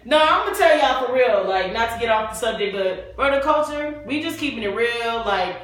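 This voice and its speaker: A woman co-hosting a podcast, chatting casually in slang and telling stories with animated energy. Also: fairly high pitch, brisk, very echoey, recorded from a distance, noisy background. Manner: animated, slangy storytelling with laughs. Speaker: podcast co-host. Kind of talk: casual chat. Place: room with friends at a bar setup.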